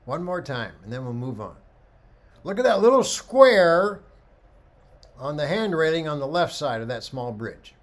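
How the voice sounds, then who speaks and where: Brief: energetic middle-aged male instructor, fairly high voice with big melodic swings. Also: unhurried. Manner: animated storyteller, acts out dialogue. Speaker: photography instructor. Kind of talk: lecture with slide commentary.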